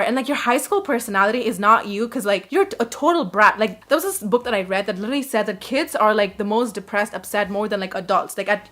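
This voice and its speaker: Bright-voiced young woman telling a story. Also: medium pitch. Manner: chatty, lots of "like", blunt and profane. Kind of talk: casual storytime.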